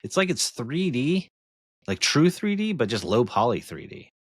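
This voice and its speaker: A man co-hosting a casual podcast, talking with an enthusiastic, excitable manner. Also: medium pitch, normal speed, husky, dry recording. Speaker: podcast co-host.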